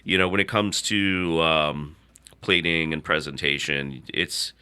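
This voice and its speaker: A man who is a chef, talking as a podcast guest in a relaxed, thoughtful way. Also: a bass voice, measured pace, smooth. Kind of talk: casual interview chat.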